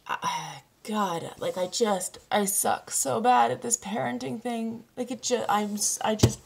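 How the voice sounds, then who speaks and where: Parenting coach lady vlogging, slow and halting, kinda teary, honest. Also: a little high, gravelly, husky. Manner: candid, emotional, halting. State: close to tears. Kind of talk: personal vlog monologue.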